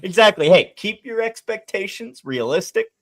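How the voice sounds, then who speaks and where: A man hosts a sports betting show, chatty and upbeat as he runs through picks for viewers in casual talk. His high voice is expressive, at a normal speed.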